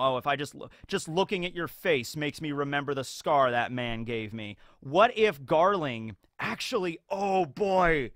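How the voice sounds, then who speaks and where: A man giving casual commentary as a YouTuber, rambling and animated, with lots of filler words. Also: on the high side, no room sound, clean studio sound.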